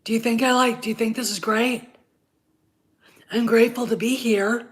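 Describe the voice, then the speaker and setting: A woman's voice: on the high side, fairly even intonation, moderate pace. A woman hosting her own channel, giving blunt, profane, heated opinion commentary with a congested voice while getting over covid. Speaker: channel host.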